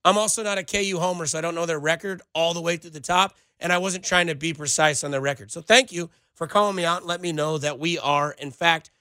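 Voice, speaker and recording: A man's voice: on the high side, steady tone, fast talker, hardly any pauses, bright, forceful tone, clear, resonant tone, dry recording. A man hosting sports talk radio, sarcastic and ranting as he answers listener texts. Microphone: studio microphone.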